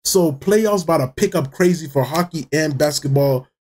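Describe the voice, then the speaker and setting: A man's voice: a little high, normal speed. A man hosting a sports reaction video, talking casually, laughing and swearing as he reacts. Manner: excitable, laughing, swearing freely. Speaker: reaction channel host.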